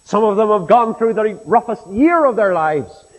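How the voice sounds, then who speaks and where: A man's voice: high voice, animated, normal speed. A middle-aged man with a Northern Irish accent preaching a sermon in a church, impassioned and rhetorical, mimicking his doubters. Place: church with a long reverb. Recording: reverberant church hall.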